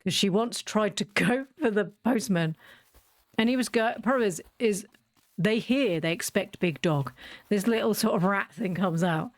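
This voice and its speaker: At normal speed and medium pitch, a gaming video host chats casually over her gameplay in a dry recording. Her stories wander, and she breaks into giggles frequently.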